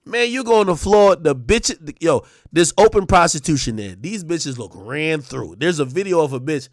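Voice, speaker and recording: A man hosting a livestream, delivering a loud, profane comedic rant with shouted bursts. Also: a little high, expressive, moderate pace, dry recording, studio quality. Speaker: streamer and show host.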